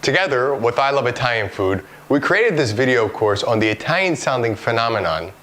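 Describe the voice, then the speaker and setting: A man presenting a scripted educational video lesson in a clear, deliberate way. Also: medium pitch, very animated, fairly bright tone. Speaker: course presenter.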